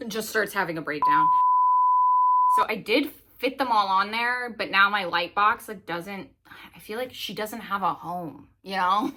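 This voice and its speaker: A woman's voice: medium pitch, measured pace, long pauses, sharp tone, slight background noise. A woman in her thirties chatting casually to camera at home while rearranging bookshelves, giggly and out of breath, with lots of fillers. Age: 30s. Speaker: book vlogger.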